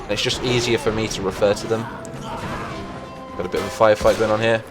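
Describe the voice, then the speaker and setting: A young man narrates a strategy game battle in a loose, chatty way, getting excited at every skirmish. He talks into a desktop mic over loud game music and crackling gunfire. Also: lowish voice, fast talker. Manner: excitable, reacting aloud to the battle. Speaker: gaming channel host. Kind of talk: casual gameplay commentary.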